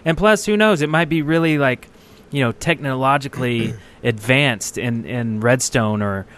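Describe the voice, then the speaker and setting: A man's voice: mid-range voice, moderate pace, fairly bright tone. A man co-hosting a casual podcast, easygoing and agreeable with a joking streak. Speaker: podcast co-host.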